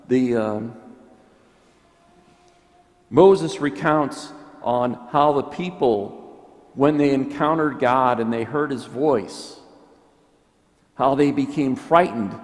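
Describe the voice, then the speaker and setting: A man preaching a homily as a priest, slow and reflective, pausing and restarting as he thinks aloud. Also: medium pitch. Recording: long church reverb.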